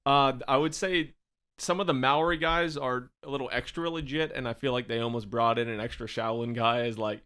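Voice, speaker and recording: Male podcast host, casual and jokey, laughs a lot, mid pitch. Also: fairly even intonation, fairly quick, a bit bright, smooth. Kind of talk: casual chat.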